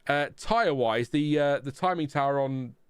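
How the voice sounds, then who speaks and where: A man's voice: medium pitch, normal speed, clean tone, no echo, studio quality. A man hosting a live motorsport watchalong stream, chatting casually and then reeling off lap times. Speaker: livestream host.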